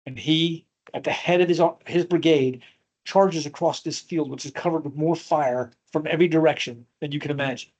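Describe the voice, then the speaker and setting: A man's voice: a little high, fairly even intonation, moderate pace, darkish tone, rough recording. A man teaching a history class, telling a battle story with strong feeling and acting out the quotes. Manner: emotional storytelling, acts out quotes.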